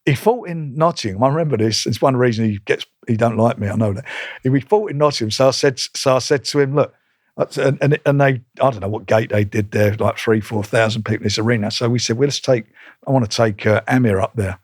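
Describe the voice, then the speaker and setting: A man's voice: mid-range voice, a little fast, no room sound, clean studio sound. Blunt older man telling stories. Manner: blunt, animated, re-enacts conversations in quotes. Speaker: boxing promoter, guest. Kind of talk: casual interview storytelling.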